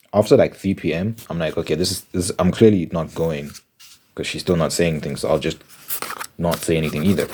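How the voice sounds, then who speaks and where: A man hosting an ASMR channel, telling a story in an exasperated, animated rambling way with lots of restarts. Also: sits low, background noise.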